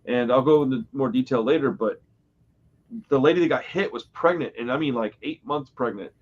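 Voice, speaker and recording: A man hosting a podcast in casual chat, telling stories with lively acted-out quotes. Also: medium pitch, a little fast, dull audio, slight background noise. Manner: animated storytelling, acts out quotes loudly. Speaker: podcast host.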